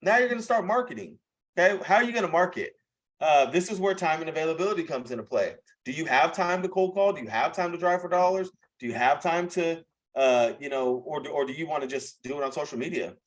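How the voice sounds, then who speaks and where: A young man talks on a live video call with a voice pitched a bit high for a man. He coaches in a blunt, casual way, throws in profanity, and keeps checking in with "okay?" and "bro.". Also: lively intonation, fast, low-quality recording.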